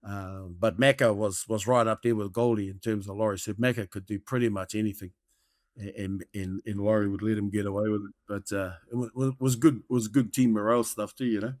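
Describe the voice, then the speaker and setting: A man's voice: fairly low pitch, fairly even intonation, fairly quick, darkish tone, dry recording, clean studio sound. Rambling New Zealand storyteller man. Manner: rambling anecdotal storyteller, peppered with "mate". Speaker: guest, former rugby player. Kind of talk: casual storytelling.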